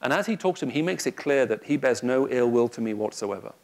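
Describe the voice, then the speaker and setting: A man speaks to a live audience in a room, giving a Christian talk. He tells stories with a lively, humorous touch, in a voice of ordinary pitch for a man. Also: quick pace. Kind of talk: public talk with anecdotes.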